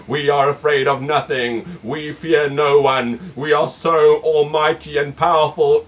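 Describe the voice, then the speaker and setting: A man voicing a pompous, boastful male head of state, deep and slow. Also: slight background noise, close to an everyday voice.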